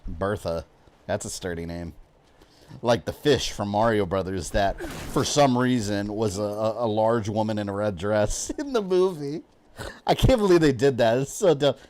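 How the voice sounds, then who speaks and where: A man's voice: medium pitch, darkish tone. A man streaming a video game live, chatting casually with his viewers, rambling with lots of fillers and frequent laughs. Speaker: gaming streamer.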